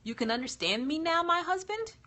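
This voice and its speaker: A woman voicing a gentle female genie who speaks formally and soothingly. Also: very high voice, big pitch swings, a little fast, voice pushed up, full character voice.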